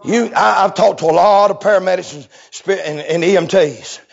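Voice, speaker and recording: A man preaching a revival sermon, swinging from low murmurs to hoarse, sing-song shouting. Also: normal speed, dull audio.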